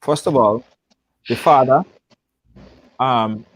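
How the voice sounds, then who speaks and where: A man hosting a live show, asking halting, hesitant questions. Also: mid-range voice.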